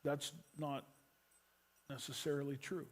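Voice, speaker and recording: A middle-aged man preaching a sermon as pastor, telling stories that swing from loud urgency to a quiet hush. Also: a little high, flat delivery, a little slow.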